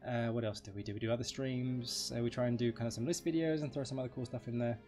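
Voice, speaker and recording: A man's voice: mid-range voice, fairly even intonation, fast talker, darkish tone, soft background music. A man doing live game stream commentary, chatty and rambling, joking with his chat.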